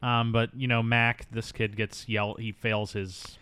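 A man's voice: medium pitch, flat delivery, a little slow, bright, forceful tone, smooth, no room sound. A man co-hosting a casual movie-review podcast, riffing with jokey asides. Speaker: podcast co-host.

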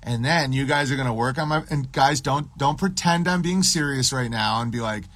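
A man streaming, ranting in a profane, sarcastic way with deadpan absurd riffs. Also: mid-range voice, normal speed, few pauses, dry recording.

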